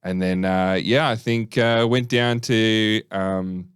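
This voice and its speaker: A man's voice: fairly low pitch, fairly even intonation, slow, smooth, no room sound, clean studio sound. An Australian man co-hosting a podcast, chatty and joking as he tells stories and answers listener questions. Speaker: podcast co-host. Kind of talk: casual podcast chat.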